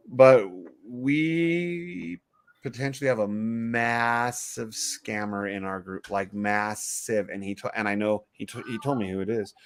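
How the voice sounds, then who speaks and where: A man co-hosting a podcast in casual chat, excitable and swearing freely. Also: mid-range voice, clean tone. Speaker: podcast co-host.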